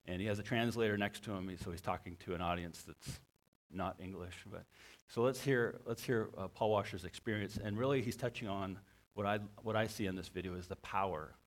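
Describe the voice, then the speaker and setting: A man with a low voice preaches a sermon. He speaks in a halting way, often repeating words and restarting phrases. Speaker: pastor.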